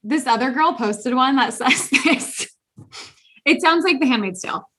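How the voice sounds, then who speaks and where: Chatty high-voiced woman co-host. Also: expressive, measured pace, pushed and bright. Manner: playful, reads posts aloud in mock voices. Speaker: podcast co-host. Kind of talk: casual chat.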